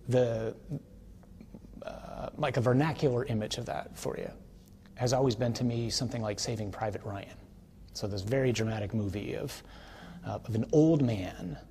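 A man, a priest, giving a teaching talk on worship in a conversational way, tossing in tag questions and building to forceful, emphatic declarations. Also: medium pitch, a little hiss or hum.

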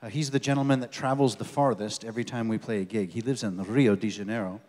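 A man's voice: fairly low pitch, fairly even intonation, fast talker, darkish tone. A man introducing his band from a concert stage in casual, rambling banter full of ums, speaking into a stage microphone. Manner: chatty, rambling storyteller with many ums. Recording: long reverb of a concert hall.

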